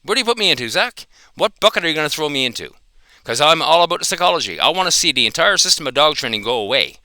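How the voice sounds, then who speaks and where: A man's voice: a little high, sing-song, fast talker, sharp tone, dry recording, studio quality. A man giving an angry, profane reaction commentary, confronting another dog trainer.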